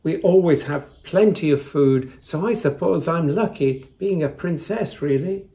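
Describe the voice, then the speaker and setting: A man's voice: fairly high pitch, unhurried, warm tone. A man voicing a friendly, polite young princess in a children's story.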